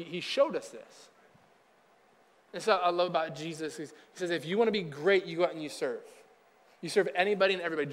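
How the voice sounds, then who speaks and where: High-voiced young man preaching casually. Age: young adult. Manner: casual, conversational, acts out quoted people. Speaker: pastor. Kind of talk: sermon. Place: church hall. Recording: hall reverb with faint music.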